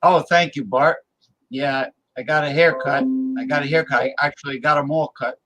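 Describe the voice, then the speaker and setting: A man's voice: fairly high pitch, steady tone, moderate pace, a bit bright, faint music behind, low-quality recording. A man from New Jersey hosting a casual talk show, rambling and stalling on many fillers as he hunts for words. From New Jersey, USA. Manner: rambling, full of hesitant fillers. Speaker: host.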